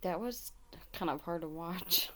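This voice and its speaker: A woman's voice: fairly low pitch, unhurried, sharp tone. A woman hosting reaction commentary on a video clip, making exasperated, critical remarks. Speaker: commentary host.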